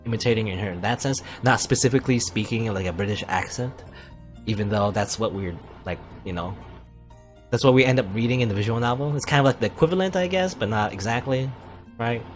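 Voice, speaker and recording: A man's voice: mid-range voice, fast, soft background music. A man hosting a let's play, reading a visual novel aloud and rambling through his thoughts with many fillers and asides. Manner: puts on a mock posh British voice for quips.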